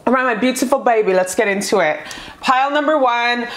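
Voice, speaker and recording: A woman's voice: a little high, fairly quick, fairly bright tone. Bubbly, foul-mouthed woman tarot reader. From North America. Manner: bubbly, profane, gushing. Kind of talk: casual tarot reading vlog. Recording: echoey room.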